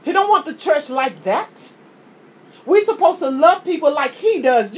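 A woman's voice: high-pitched, sing-song, unhurried. A woman preaching, often repeating words as she builds a point. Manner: impassioned, preachy, repeats words when starting a thought. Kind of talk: sermon.

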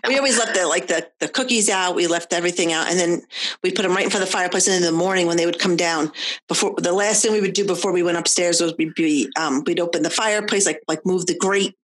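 A mother in casual chat, telling family stories in an animated way with many fillers. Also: lowish voice, quick pace.

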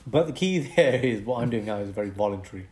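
A young man, co-hosting a casual podcast and explaining a medical condition in an animated way. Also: fairly low pitch, fast, slight background noise. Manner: explanatory, animated, breaks into mock accents for fun. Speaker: podcast co-host, doctor.

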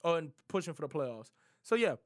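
A young man with a high, light voice running through his football picks. He talks in loose slang and gets animated as he trash-talks the teams he doubts. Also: brisk. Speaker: sports prediction vlogger. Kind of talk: casual NFL picks monologue.

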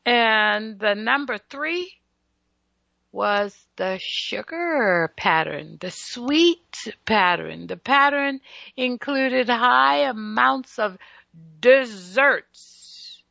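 A woman with a bright, gravelly voice, pitched a little high, delivers a radio health talk at an unhurried pace. She lectures with emphatic, teasing asides to her listeners. The sound is dry and a bit dull, like a lo-fi radio broadcast. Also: lively intonation, no room sound.

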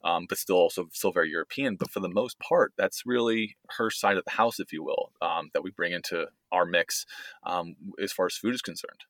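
A man in his thirties talks in a relaxed, rambling way on a podcast. His voice sits low but has a bright, forward edge. The sound is dry and close to the mic. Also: a little fast, no room sound. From United States. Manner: easygoing, rambling, restarts often. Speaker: podcast co-host. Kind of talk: casual family chat.

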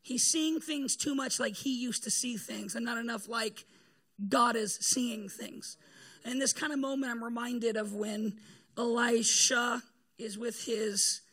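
A man's voice: extremely high pitch, fairly even intonation, a little slow, sharp tone. A man preaching a casual sermon to a room of people, laid-back and joking, with slang and fillers. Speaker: pastor. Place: room with a gathered group.

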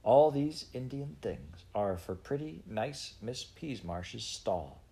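A man doing a young girl in a hurried undertone. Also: mid-range voice, very animated, vocal fry, mellow, voice pushed up, full character voice. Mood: urgent. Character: earnest, quick-thinking young girl.

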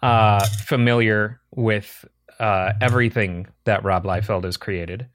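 A man co-hosting a casual chat, blunt and excitable, swearing freely. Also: fairly low pitch, takes it slowly.

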